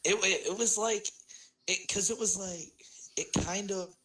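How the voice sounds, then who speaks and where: A man's voice: high voice, fairly even intonation, measured pace, bright, forceful tone, poor audio. A young man with a Midwestern American accent, co-hosting a podcast in casual, rambling chat and laughing often. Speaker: podcast co-host.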